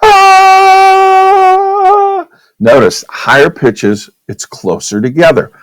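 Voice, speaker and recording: A man's voice: deep voice, lively intonation, unhurried, breathy edge, no echo, poor audio. A male teacher giving a casual classroom physics lecture at a whiteboard, often checking in with "okay?". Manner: casual, checks in with "okay?", demonstrates with his own voice.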